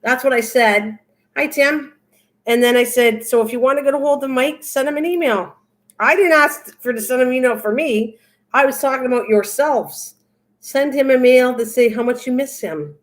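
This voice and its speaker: A woman's voice: sits high, moderate pace. An older woman hosting a crafting livestream, chatting casually and reading viewers' comments aloud as she answers them. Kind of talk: casual chat with live viewers.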